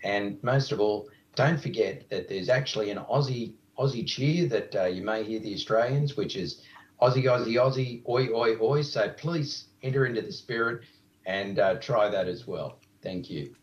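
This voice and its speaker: A man, a company executive, giving a measured, upbeat recorded message. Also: lowish voice, expressive. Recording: dull, roomy sound from a distant mic.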